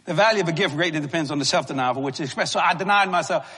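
A middle-aged man preaching a sermon, telling stories in a folksy, animated way with frequent chuckles. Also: on the high side, very fast, slightly rough. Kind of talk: storytelling sermon. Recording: reverberant large hall.

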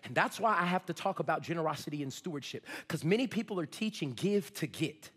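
A male pastor preaching a sermon, swinging between shouts and low asides. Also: expressive, fast talker, husky, in a large hall. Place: church sanctuary.

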